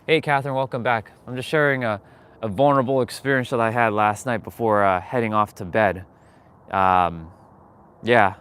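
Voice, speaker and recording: A man's voice: on the low side, moderate pace, a bit bright, clean tone. A man hosting his own livestream, talking candidly and emotionally about his feelings, swearing and rambling with restarts. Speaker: livestream host. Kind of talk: casual confessional livestream talk.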